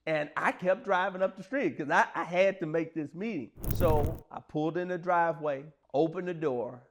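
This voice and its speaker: A man with a slightly high voice shares personal stories at a moderate pace to motivate his listeners, with background noise present. His motivational monologue is earnest, plain-spoken and conversational.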